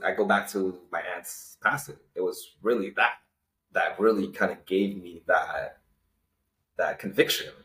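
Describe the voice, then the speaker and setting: A deep-voiced young Canadian man in his twenties, heard as an interview guest on a low-quality recording with a roomy sound. He tells a personal story earnestly and emotionally, using lots of fillers.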